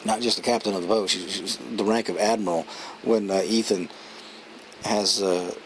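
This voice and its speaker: A man with a lowish voice talks through a film review in a loose, rambling way, restarting sentences and chuckling as he retells scenes. A faint hum of room ambience sits behind him. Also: steady tone, moderate pace, rough recording. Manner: rambling, chatty, many restarts and fillers. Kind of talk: casual spoken film review.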